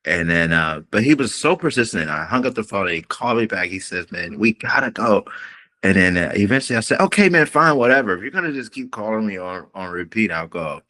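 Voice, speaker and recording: A man's voice: low-pitched, expressive, fast talker, few pauses, sharp tone. A male R&B singer telling a long story in a podcast interview, acting out the quoted voices as he goes. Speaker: guest singer.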